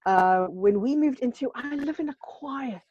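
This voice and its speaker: An emphatic woman from South Africa talks over a video call, her voice mellow and dark. The sound is dry and somewhat dull, with no room around it. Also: high voice, animated, measured pace, breathy edge, dry recording. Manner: emphatic, repeats phrases for stress. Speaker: show co-host. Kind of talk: casual video-call chat. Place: home in a seaside village.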